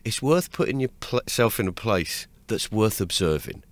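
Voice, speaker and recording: Male comic guest, pitch leaps all over as he spins an anecdote, bone-dry studio sound. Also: normal speed, no room sound. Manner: lively, laughs mid-story, restarts words. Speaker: comedian guest. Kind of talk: animated anecdotal storytelling. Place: radio studio.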